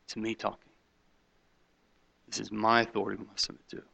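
A man preaching a sermon, swinging between loud emphatic points and quiet hushed asides, mocking skeptics in quoted voices. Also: fairly low pitch, completely flat delivery, brisk, creaky. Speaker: pastor.

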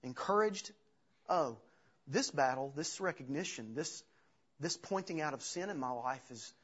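Husky-voiced pastor preaching earnestly. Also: male voice, on the high side, expressive, fairly bright tone. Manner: earnest, halting with restarts, retells scripture with acted quotes. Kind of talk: sermon. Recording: dull lo-fi sound.

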